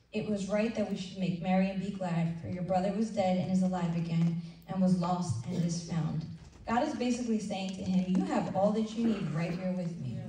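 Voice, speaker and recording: A woman leading a women's ministry breakfast, preaching in a conversational, animated way and acting out little asides. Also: fairly low pitch. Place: church event room. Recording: roomy hall sound from a distant mic with faint noise.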